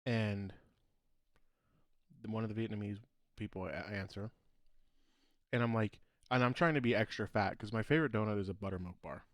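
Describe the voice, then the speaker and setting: A man's voice: fairly low pitch, a little fast, long pauses, no echo. Male podcast co-host, casual rambling storyteller, laughs through his own stories, dry close sound. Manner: rambling storyteller, laughs often, trails off mid-sentence. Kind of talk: casual chat.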